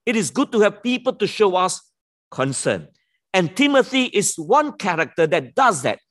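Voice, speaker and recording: A man's voice: sits high, normal speed. A man preaching a sermon, repeating key words and leaning hard on them, with a self-deprecating touch. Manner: lively, emphatic pulpit delivery with sudden drops on key words.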